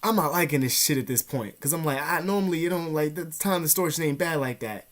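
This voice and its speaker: A young man casually telling a story to his vlog audience, slangy and profane, animated, sometimes dropping to a whisper. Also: fairly high pitch, a little fast. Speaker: vlogger.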